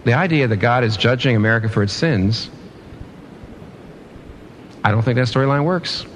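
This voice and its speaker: A man's voice: mid-range voice, animated, moderate pace, slight background noise. A man preaching a sermon in an earnest way, often restarting and repeating phrases for emphasis.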